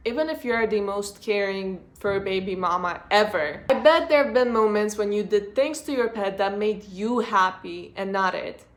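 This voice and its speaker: A woman's voice: mid-range voice, a bit bright. A woman vlogger giving a frank, blunt personal monologue about human nature.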